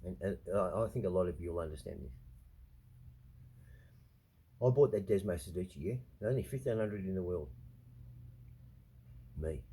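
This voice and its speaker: A man with a deep, mellow and heavily raspy voice vents in a long, confiding monologue. His talk is profane and restless, full of repeats and asides. He sounds defensive and earnest. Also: lively intonation, normal speed, pauses often. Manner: profane, emphatic, repeats himself. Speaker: vlogger. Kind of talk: rambling personal monologue.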